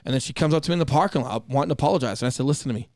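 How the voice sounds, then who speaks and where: A man's voice: mid-range voice, racing, a little mellow, dry recording, studio quality. A man and former Marine co-hosting a podcast, talking casually in a blunt, direct way and swearing freely. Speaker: podcast co-host.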